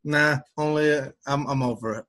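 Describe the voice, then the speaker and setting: A man's voice: a little high, fairly even intonation, moderate pace, fairly bright tone. A man co-hosting a podcast, chatting casually, rambling and restarting sentences, laughing easily. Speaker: podcast co-host. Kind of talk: casual chat.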